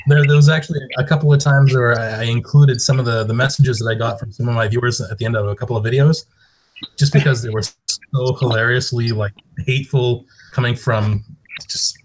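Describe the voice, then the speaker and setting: Easygoing man on a noisy call. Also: mid-range voice. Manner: easygoing, restarts often. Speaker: YouTuber guest. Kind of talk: casual chat.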